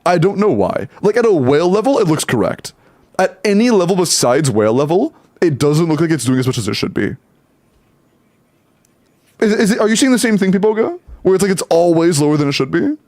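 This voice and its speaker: A man's voice: high voice, sing-song, a little fast, a little mellow, dry recording. A man streaming live, casually talking through game account advice and answering chat, loose and rambling with some swearing.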